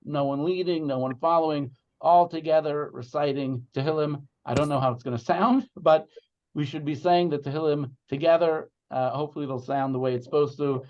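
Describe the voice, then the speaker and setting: A rabbi speaking over a video call to a prayer gathering, earnest and heartfelt, leading the group into reciting psalms. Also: male voice, mid-range voice. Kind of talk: addressing an online gathering, then reciting psalms. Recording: muffled video call audio.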